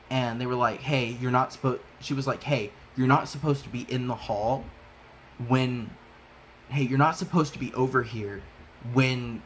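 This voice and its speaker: A man's voice: mid-range voice, a little hiss or hum, poor audio. A young man telling a long personal story in casual vlog style, rambling with many restarts and acting out what people said. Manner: rambling, restarts a lot, acts out quotes. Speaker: vlogger.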